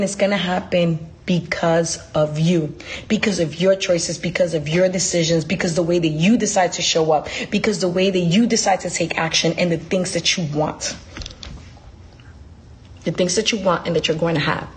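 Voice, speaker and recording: A woman hosting a podcast, giving an emphatic, preachy motivational talk full of repetition, speaking from her desk. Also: medium pitch. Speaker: podcast host.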